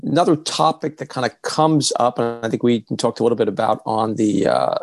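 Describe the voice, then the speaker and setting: A man's voice: mid-range voice, brisk, dry recording, soft background music. A man co-hosting an interview podcast, chatty and telling anecdotes. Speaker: podcast co-host. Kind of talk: casual conversation.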